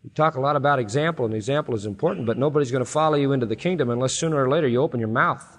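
Reading scripture aloud with slow, deliberate phrasing, this preacher swells to loud, high-pitched peaks and sinks back low and slow afterward. The sermon carries a long hall reverb.

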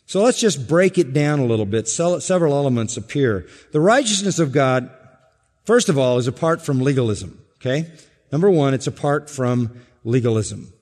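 A man preaching an expository sermon as pastor, driving points home by repeating them and swinging between loud emphasis and hushed asides. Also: medium pitch, lively intonation, moderate pace. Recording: long hall reverb.

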